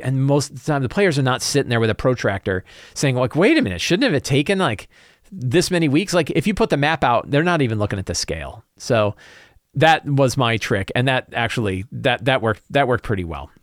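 A man hosting a podcast chats loosely about running a tabletop campaign, wandering into quick asides as he goes. His voice sits at an everyday middle pitch. The recording is dry and close, with no room sound. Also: no room sound. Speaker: podcast host and game master.

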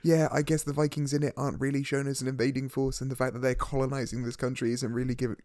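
A man's voice: mid-range voice, flat delivery, fast talker, a little mellow, no echo, studio quality. A man co-hosting a podcast, teasing and sweary, rambling through casual banter. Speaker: podcast co-host.

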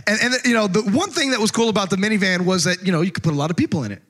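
A man's voice: high voice, rapid-fire. A man preaching, telling a comic story and acting out the voices in it. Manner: animated, comic, acts out voices. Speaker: pastor. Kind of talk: storytelling sermon.

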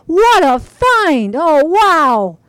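A woman's voice: high-pitched, expressive, a little fast, a little mellow, dry recording. A woman voicing a hearty, cheerful father who hunts treasure in a junkyard, in a storybook reading. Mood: amazed. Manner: hearty and upbeat. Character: cheerful dad who loves junk treasure.

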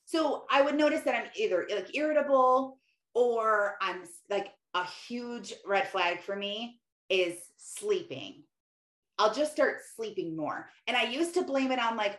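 A middle-aged woman talking casually about faith, rambling and chatty with lots of "like" and quick laughs. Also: mid-range voice, expressive, fairly bright tone. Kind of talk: casual faith-based monologue. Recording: roomy echoey room.

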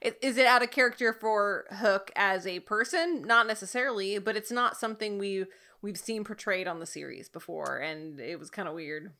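A young woman breaks down a TV episode in a thoughtful, analytical way during a casual chat. Her voice has a bright, crisp edge at a middle pitch. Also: moderate pace, few pauses. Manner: analytical, weighs characters thoughtfully. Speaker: podcast co-host.

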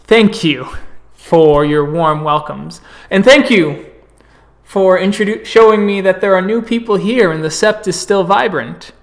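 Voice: mid-range voice, measured pace, voice pushed up, close to an everyday voice. A tabletop game storyteller voicing a well-travelled male envoy, speaking formally to a gathering. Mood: welcoming. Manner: formal, welcoming speech. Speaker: non-player character.

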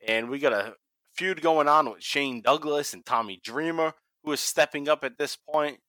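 Bright-voiced Boston man hosting a podcast. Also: fairly high pitch, normal speed, dry recording. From Massachusetts. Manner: swears freely, laughs often. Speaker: podcast host. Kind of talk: casual podcast chat.

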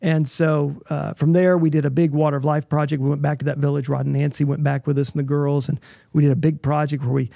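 Gravelly-voiced middle-aged man telling a heartfelt story. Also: on the high side, flat delivery, quick pace, dark tone, no echo, studio quality. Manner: earnest, keeps checking in with "right?". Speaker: interview guest. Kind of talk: emotional personal storytelling.

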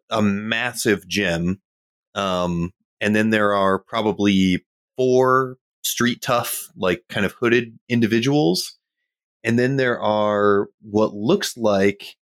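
Slow-talking low-voiced male player. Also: fairly bright tone, no echo, studio quality. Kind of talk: casual tabletop play.

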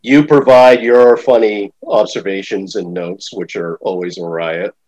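A man's voice: fairly low pitch, steady tone, a little slow, darkish tone, dull audio. A middle-aged man hosting a podcast interview, talking in a hesitant, rambling way with lots of fillers. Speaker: podcast host. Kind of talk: casual interview chat.

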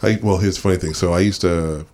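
Man, low-pitched, chatty storytelling host who slips into quoted voices. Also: fairly even intonation, quick pace, darkish tone. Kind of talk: family conversation, storytelling.

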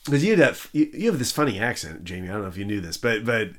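Animated man telling stories on a podcast. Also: rapid-fire. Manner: animated, self-mocking, acts out quotes in high voices. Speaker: podcast host. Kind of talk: casual chat, storytelling.

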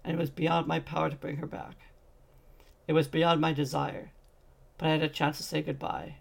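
A man voicing an ancient wizard mourning his lost love, his words heavy with sorrow. The voice is deeply gravelly and husky, pitched a little high for a man, in a storybook reading. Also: little pitch movement, normal speed. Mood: somber. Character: grieving ancient male wizard.

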